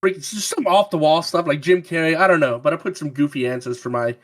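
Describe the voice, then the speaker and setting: A man taking part in a podcast game, joking and quick to correct others. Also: a little high. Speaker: podcast contestant. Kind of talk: casual podcast chat.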